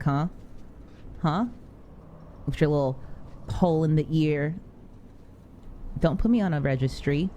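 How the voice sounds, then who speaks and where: A woman's voice: low-pitched, unhurried, pauses often, warm tone, a little hiss or hum. A woman streamer giving chatty, jumpy commentary while playing a horror game and talking back to its characters. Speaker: gaming streamer. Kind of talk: casual let's-play commentary.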